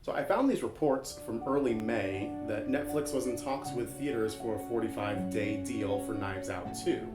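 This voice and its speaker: A man's voice: medium pitch, normal speed, few pauses. A man narrating a scripted comedic video essay in a dry, wry manner with jokey asides. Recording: guitar music underneath.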